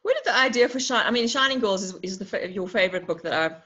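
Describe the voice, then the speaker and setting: A woman's voice: mid-range voice, expressive, fast talker, bright, forceful tone. A woman hosting an online interview, asking enthusiastic questions over a video call. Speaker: interview host. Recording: dull lo-fi online call audio.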